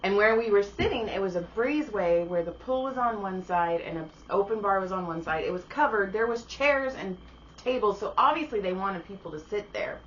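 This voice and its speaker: A woman co-hosting a podcast, telling a story in casual chat, animated and profane, slipping into voices for the people she quotes. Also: mid-range voice, brisk, dull audio, a little hiss or hum. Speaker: podcast co-host.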